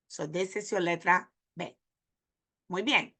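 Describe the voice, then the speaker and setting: Bright-voiced teacher, woman. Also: on the low side, breathy edge. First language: Spanish. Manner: repeats phrases slowly for learners. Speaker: Spanish teacher. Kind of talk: pronunciation lesson.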